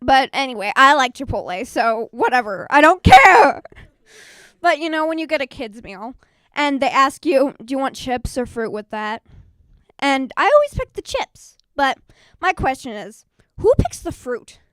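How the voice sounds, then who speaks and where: A teenage girl performing a self-mocking stand-up comedy set at an open mic, bursting into loud acted quotes. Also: high voice, big pitch swings, normal speed, no echo, clean studio sound. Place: small live performance venue.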